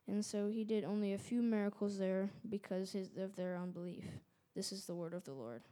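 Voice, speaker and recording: Woman reading scripture, warm mellow voice, steady and even. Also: mid-range voice, fairly quick. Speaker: scripture reader.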